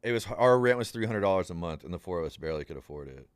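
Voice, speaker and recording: A young man appearing as a podcast guest tells a story at rapid-fire speed in a low, smooth voice, recorded at studio quality with no room sound. He rambles in an animated, casual way, acting out the voices of the people involved and saying "dude" a lot.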